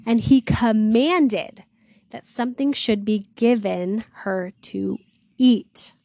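In a dry recording, a woman with a creaky, mellow voice on the high side takes it slowly as she hosts a devotional series. She reads Bible verses and retells them in chatty slang, earnest and awed, often exclaiming "wow".

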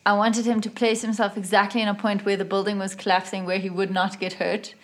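A woman playing a tabletop game, talking in an animated, playful way about her character's moves. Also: medium pitch, a little fast. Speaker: player.

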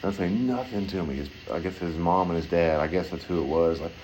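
A man's voice: brisk, darkish tone, a little hiss or hum, poor audio. A man telling a long, rambling story in casual, profane chat. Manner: rambling, heavy swearing, acts out voices in high pitch.

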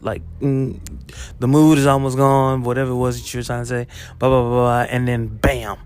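A man's voice: mid-range voice, little pitch movement, a little fast, darkish tone, clean tone. A man, a teacher on his break, telling a personal story in a casual confessional monologue, chatty, full of fillers and laughs, swearing freely. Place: school, on a break.

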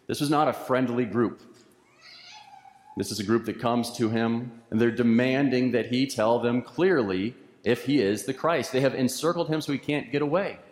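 A man delivers a sermon from the pulpit, his voice mid-pitched and earnest. He builds his points through repeated phrases. The church around him is roomy, and each line rings out with a long reverb tail. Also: normal speed. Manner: earnest, repetitive preaching cadence. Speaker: pastor. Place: church sanctuary.

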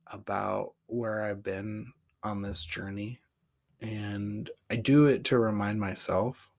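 A man's voice: fairly low pitch, gravelly. A man hosting his own podcast, talking through his path as a poet in a candid, rambling monologue with casual swearing. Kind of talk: reflective solo monologue.

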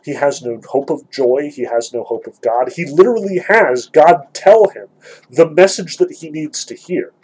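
A man lecturing on a novel, explaining passages in a thoughtful, measured way. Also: a little high, expressive, darkish tone, breathy edge, rough recording. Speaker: literature lecturer. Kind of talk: lecture with dramatic read-aloud passages.

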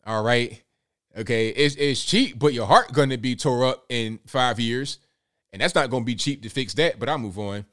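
A man's voice: mid-range voice, normal speed, fairly bright tone. A man giving casual opinion commentary, talking in a rambling, sarcastic way with many fillers and restarts. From United States.

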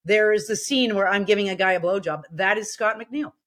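Woman, middle-aged, actor guest, chatty, animated, acts out quotes, mid pitch. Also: a little fast. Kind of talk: casual interview storytelling.

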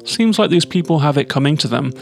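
A man reading the lines of a grumpy, reluctant witch in a gruff, dismissive way. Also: on the high side, expressive, a little fast, soft background music. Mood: resigned.

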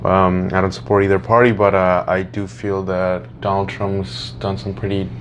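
Hesitant man with a lowish voice. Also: flat delivery, moderate pace, fairly bright tone, a little hiss or hum. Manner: hesitant, hedging with fillers. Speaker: podcast co-host. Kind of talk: casual chat.

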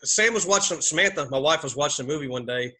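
A man from Texas, hosting and chatting in a rambling, excitable way with frequent laughter. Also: on the high side, fast talker. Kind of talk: casual chat.

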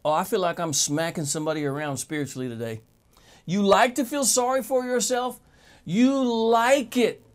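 A man's voice: high-pitched, moderate pace. A man preaching a sermon, talking straight to his listeners with emphatic rhetorical questions.

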